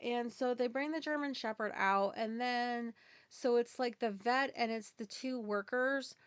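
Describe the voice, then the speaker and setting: A woman tells a personal story straight into the mic, rambling and candid, with plenty of fillers and casual swearing. Her voice is fairly high and smooth. The recording is dry and close. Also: unhurried, dry recording. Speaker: podcast host.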